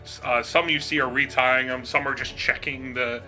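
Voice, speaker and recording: A man running a tabletop game as game master, relaxed and halting, with many fillers and frequent laughs. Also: medium pitch, faint music behind.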